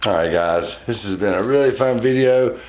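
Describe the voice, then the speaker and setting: A man's voice: fairly low pitch, moderate pace, echoey room, background noise. A man hosting a casual pet vlog from his home, chatting to his pets in a doting, chuckly way. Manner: doting, chuckling, softens to cooing. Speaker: pet owner and channel host.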